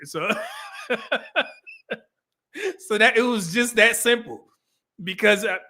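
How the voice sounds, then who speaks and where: A man's voice: high-pitched, unhurried, long pauses. A middle-aged man hosting a casual livestream, telling stories with frequent laughter and acting out quoted lines. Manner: animated storyteller, acts out quoted lines. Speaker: podcast host.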